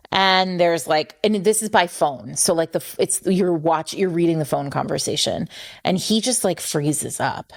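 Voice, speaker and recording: A woman's voice: on the low side, normal speed, gravelly. A woman co-hosting a podcast, chatting casually about books and retelling a story with frequent self-corrections. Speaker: podcast co-host. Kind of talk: casual book-discussion chat.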